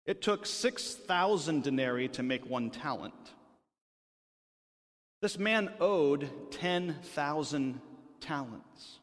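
A man's voice: fairly high pitch, expressive, slow pace, fairly bright tone. A male pastor preaching a sermon in a conversational manner, often checking in with his listeners. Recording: long hall reverb.

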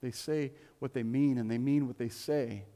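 A man's voice: medium pitch, steady tone, normal speed, dark tone. A man preaching a sermon as a pastor in a church, conversational and joking, with playful asides. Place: church sanctuary. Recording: long reverb of a church hall.

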